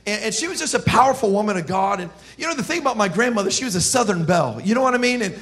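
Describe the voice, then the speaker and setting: High-voiced man preaching an animated sermon. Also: very fast. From South Florida. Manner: animated storytelling, joking, shouting punchlines. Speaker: pastor.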